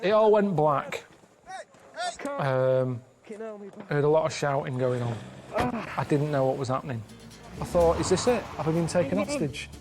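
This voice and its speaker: A man in his late thirties chatting casually in a deadpan, plain-spoken, complaining way. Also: a little high, moderate pace, long pauses, over loud music. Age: 30s. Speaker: show's travelling guest. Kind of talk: casual chat with banter.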